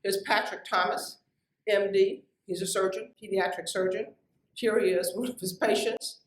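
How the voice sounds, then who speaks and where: This woman scientist addresses young researchers with a motivational talk that's emphatic, direct, and peppered with lively asides. Her mid-range voice moves at a normal speed, captured by a distant mic in an echoey room.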